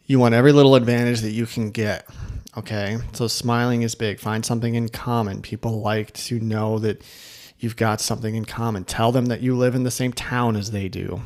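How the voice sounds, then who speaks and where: A man's voice: mid-range voice, steady tone, fairly quick, a little mellow. A middle-aged man hosting an insurance sales podcast, giving upbeat, casual coaching tips with plenty of fillers and asides.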